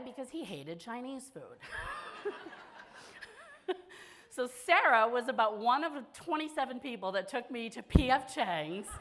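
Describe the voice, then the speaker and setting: A woman's voice: on the high side, a bit bright. A woman from small-town Massachusetts giving a keynote talk on stage, telling a personal story candidly with wry, self-deprecating humor. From small-town Massachusetts, USA. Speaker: keynote speaker at a widowhood conference. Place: conference stage before an audience.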